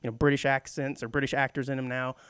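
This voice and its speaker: A man's voice: medium pitch, level tone, fast talker, a bit bright, smooth, no room sound, clean studio sound. A middle-aged man co-hosting a radio show, chatting casually and laughing often. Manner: chatty, laughs often, slips into mock British voices. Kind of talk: casual talk radio banter. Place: radio studio.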